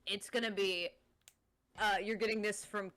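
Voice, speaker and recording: A woman's voice: medium pitch, steady tone, moderate pace, fairly bright tone. Tipsy woman rambling through a game recap. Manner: rambling, laughing, swearing. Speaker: player. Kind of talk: casual tabletop game chat.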